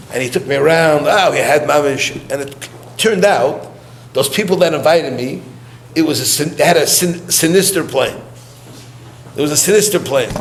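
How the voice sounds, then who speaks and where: A man giving a eulogy through chatty personal stories, laughing often and sprinkling in Yiddish and Hebrew words. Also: on the high side. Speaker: eulogy speaker. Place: gathering room during mourning visits. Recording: roomy hall with faint noise.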